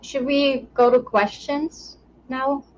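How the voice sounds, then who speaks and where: A woman's voice: high voice, steady tone, slow. A woman co-hosting a casual podcast, chatting and reading out listener questions. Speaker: podcast co-host. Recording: dull lo-fi sound with faint noise.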